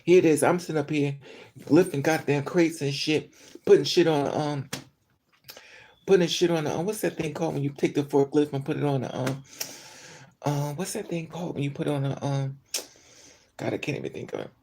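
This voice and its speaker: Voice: mid-range voice, steady tone, a little fast, creaky, pauses often, darkish tone, slight background noise. A speaker venting in an emotional monologue, upset after crying all day, angry and profane, with many fillers. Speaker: vlogger.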